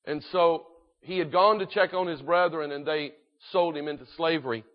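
A man preaching a sermon in an earnest, emphatic way, slowing down and swelling in volume to drive points home. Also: a little high, highs cut off.

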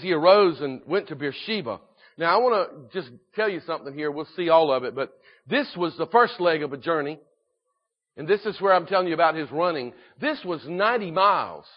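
A man preaching a sermon, emphatic and repetitive, rising in force and dropping low again. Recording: dull lo-fi recording.

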